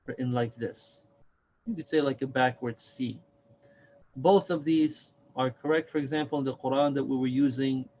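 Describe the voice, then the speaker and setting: A man with a slightly high voice gives a patient reading lesson, walking step by step through each example. He slows down and draws sounds out so students can hear them clearly. The audio is muffled, with a faint hiss underneath. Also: a little mellow. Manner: slow and deliberate, repeats and stretches sounds to demonstrate. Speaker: Quran reading teacher. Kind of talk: slow, patient recorded lesson.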